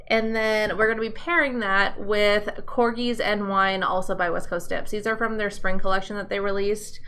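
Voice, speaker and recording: A woman's voice: mid-range voice, sharp tone. A woman hosting a live nail tutorial stream, chatting in an upbeat way and greeting viewers by name. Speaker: nail tutorial livestream host.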